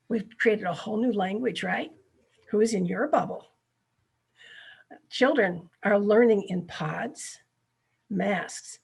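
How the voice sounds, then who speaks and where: Gravelly-voiced woman leading a ministry workshop. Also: medium pitch, a little slow, a little mellow. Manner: earnest, checks in with "right?". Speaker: workshop presenter. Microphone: video call.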